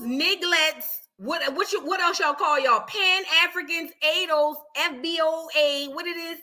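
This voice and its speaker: A woman's voice: extremely high pitch, a little slow, pushed and bright. A woman hosting a casual reaction livestream, rambling and talking straight to her viewers. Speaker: livestream host.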